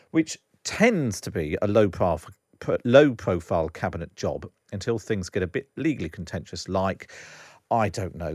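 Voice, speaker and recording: Chatty West Country host, dry studio sound. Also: male voice, sits low, a little mellow, no echo. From West Country, England. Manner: chatty and jokey. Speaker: podcast host. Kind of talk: conversational podcast presenting.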